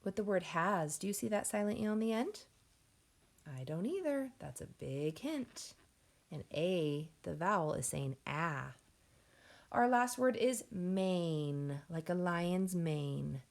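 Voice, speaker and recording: Slow, gravelly-voiced phonics teacher woman. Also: fairly low pitch, lively intonation. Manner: slow, clearly segmented sounding-out of words; encouraging, addresses class as friends. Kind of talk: phonics lesson for young children.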